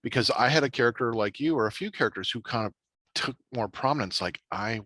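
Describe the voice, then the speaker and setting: A middle-aged man, a podcast host and writer, talking in a casual, animated way with many restarts and fillers. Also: medium pitch, quick pace, no echo. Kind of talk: casual chat.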